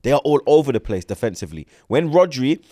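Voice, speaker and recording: A young man, co-hosting a casual football chat, animated, slangy and swearing freely. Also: mid-range voice, fast talker, no echo, studio quality. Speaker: co-host, football pundit.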